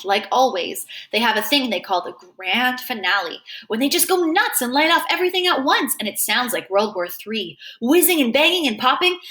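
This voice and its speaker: Bright lively woman reading a novel. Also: on the high side. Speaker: reader.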